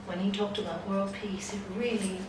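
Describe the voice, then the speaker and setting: In an echoey hall with noisy surroundings, a distant room mic picks up a woman yoga teacher from far away. She's giving a spiritual talk, animatedly telling a story and voicing its characters, at medium pitch and normal speed.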